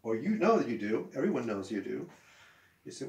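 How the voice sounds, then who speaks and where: An ESL teacher stands at a whiteboard giving an English grammar lesson, acting out example sentences with swooping intonation. His medium-pitched voice is very animated, a little fast and a little mellow. The room is echoey with faint noise.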